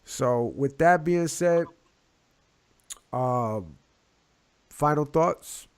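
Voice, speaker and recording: A man co-hosting a casual chat show, talking in a laid-back, slangy way and giving shout-outs. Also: on the high side, lively intonation, very slow, clear, resonant tone. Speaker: podcast co-host.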